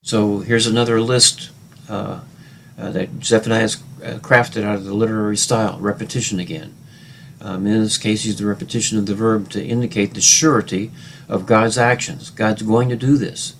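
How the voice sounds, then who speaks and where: A lower-pitched man giving a Bible lesson, stumbling through fillers and restarts as he explains. When he reads scripture he lifts his voice with more weight. A faint hum sits behind him. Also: fairly even intonation, normal speed. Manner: hesitant, many fillers and restarts, louder when quoting scripture. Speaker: Bible teacher.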